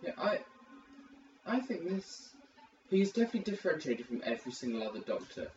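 Man, podcast co-host, animated pitch, recorded from a distance. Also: brisk. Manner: lively, rambling and joking. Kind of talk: casual chat. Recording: distant mic, dull sound, faint hiss.

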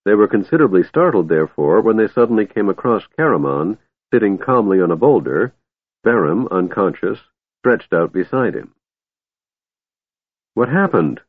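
A man reading a fantasy audiobook as an expressive storyteller, on a tinny, dry recording. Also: fairly low pitch, a little fast, breathy edge, dry recording. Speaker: audiobook narrator. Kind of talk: scripted audiobook narration.

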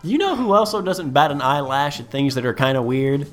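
A man co-hosts a comedy podcast, riffing and joking in quick asides. His pitch rises and falls a lot. Faint music plays underneath. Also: very animated. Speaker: podcast co-host. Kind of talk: casual comedic chat.

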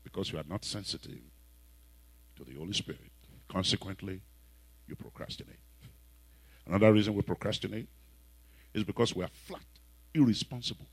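A man with a Nigerian accent preaching a sermon, telling stories and breaking into sudden loud exhortations. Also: on the low side, a little fast, pauses often, husky, no echo, low-quality recording.

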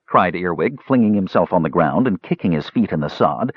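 A man narrates a fantasy novel with expressive, lively storytelling. His voice sits low and husky, recorded dry and close. The audio has a dull, lo-fi character. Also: a little fast, no room sound.

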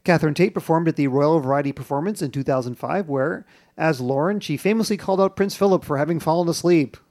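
A man hosting a television podcast, narrating in a measured, informative way. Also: on the high side, a little mellow. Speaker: podcast host. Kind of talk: scripted narration and chat.

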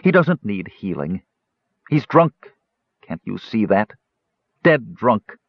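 A man voicing a young barmaid, bitter and tearful, with his pitch pushed up. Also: expressive, a little slow, gravelly, no echo, exaggerated voice. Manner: raised, strained pitch, emotional. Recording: slightly dull audiobook recording.

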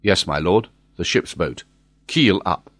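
A man reading an audiobook, voicing a decisive sea captain giving crisp, firm orders. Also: low voice, animated, takes it slowly, fairly bright tone, no echo, heavily acted. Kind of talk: audiobook character voice.

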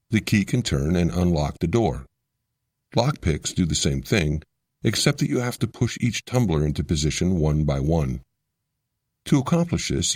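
A man reading a scripted explainer narration in a measured, explanatory way. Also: low-pitched, a little mellow, husky, dry recording, studio quality.

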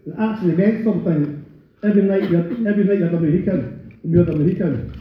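A man's voice: high voice, quick pace, a little hiss or hum. A Scottish man in his sixties, a punk singer being interviewed, talking bluntly with heavy swearing and rambling, heated asides. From Scotland. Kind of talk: casual interview. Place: outdoor festival. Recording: echoey, phone-like festival recording.

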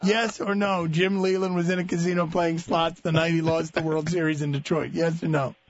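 High-voiced radio host pressing a guest. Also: male voice, little pitch movement, brisk, no echo, muffled recording. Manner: pressing, repeating his questions. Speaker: radio sports talk host. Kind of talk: casual radio interview.

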